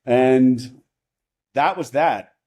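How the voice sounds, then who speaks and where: A man guesting on a podcast tells a personal story in a mellow mid-range voice, drawing out his words. He rambles casually, restarts sentences and keeps asking "right?".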